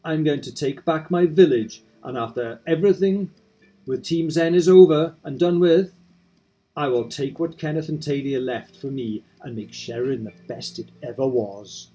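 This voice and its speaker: A man reading aloud in his own voice as a determined young game hero, steady and earnest. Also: a little high, moderate pace, lightly acted, poor audio. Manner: steady, earnest narration of resolve.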